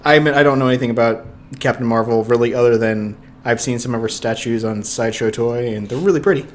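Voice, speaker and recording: A man co-hosting a casual podcast, easygoing and quick to laugh, acting out little quotes as he talks. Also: medium pitch. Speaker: podcast co-host. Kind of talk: casual chat.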